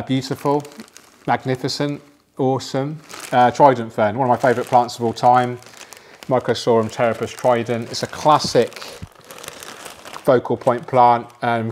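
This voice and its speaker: A man casually explaining how he plants an aquarium, chatty and relaxed, with frequent fillers and asides. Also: medium pitch, a little hiss or hum. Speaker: aquascaping presenter.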